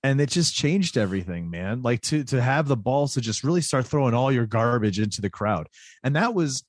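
A man chatting casually as a podcast co-host, animated and quick, often restarting his sentences. His voice sits at an ordinary pitch. The recording is dry and close. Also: no echo. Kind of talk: casual chat.

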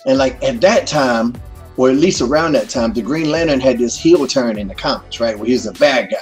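Profane, animated middle-aged male storyteller. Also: mid-range voice, brisk, soft background music. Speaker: guest. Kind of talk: casual storytelling interview.

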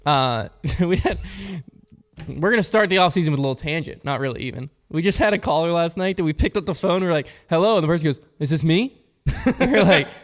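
A man hosting a casual weekly podcast, upbeat and quick to laugh as he chats with his co-host. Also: fairly high pitch.

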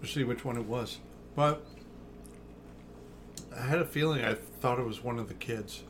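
A man's voice: medium pitch, normal speed, slight background noise. A man co-hosting a podcast in casual chat, speaking in a laid-back, hesitant way with many ums. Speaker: podcast co-host.

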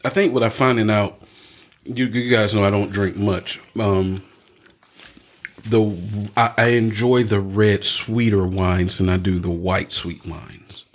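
Man, podcast host, lowish voice, casual rambling chat, lots of fillers. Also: slow pace. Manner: relaxed, rambling with many fillers, laughs often.

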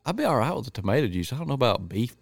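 A man's voice: medium pitch, very animated, rapid-fire, creaky, no room sound, studio quality. A man, co-hosting a casual chat with short, laid-back replies.

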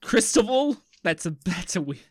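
A man in his thirties co-hosting a podcast in casual, joking chat, swinging between loud bursts and mumbles. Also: high-pitched, very animated, normal speed, a little hiss or hum. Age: 30s. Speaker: podcast co-host.

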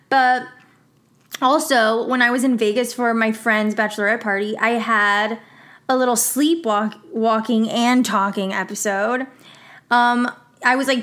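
A young woman in her twenties hosts a casual solo podcast, her voice sitting slightly high. She rambles through stories with frequent laughs and acts out the people she quotes. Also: a bit bright. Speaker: podcast host.

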